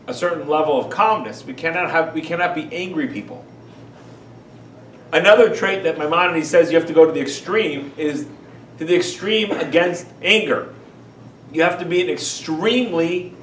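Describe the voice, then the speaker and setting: A rabbi gives an animated, emphatic lecture, firing rhetorical questions at his listeners. His voice is high for a man. The recording is roomy and echoey, with the mic well away from him. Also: moderate pace, slight background noise. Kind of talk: lecture on Jewish teachings. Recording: echoey room, far from mic.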